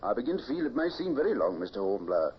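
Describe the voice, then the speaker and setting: A man's voice: mid-range voice, big pitch swings, quick pace, close to an everyday voice. A man playing an earnest new British naval lieutenant who stammers when pressed. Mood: flustered. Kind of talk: 1950s radio drama acting. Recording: dull, faintly hissy old radio recording.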